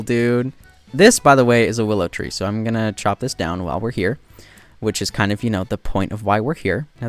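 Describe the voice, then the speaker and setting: A man giving casual, joking commentary while playing a game, getting excited and loud when he spots something new. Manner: excitable, jumps to high squeals when spotting birds; self-deprecating, joking asides. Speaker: gaming video creator.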